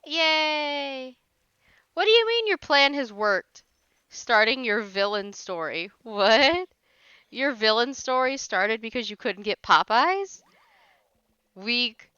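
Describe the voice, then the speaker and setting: A woman's voice: fairly high pitch, big pitch swings, takes it slowly, bright, forceful tone, clear, resonant tone, dry recording, muffled recording. A woman hosting a casual livestream, chatting with viewers and teasing them playfully, laughing often. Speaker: livestream host.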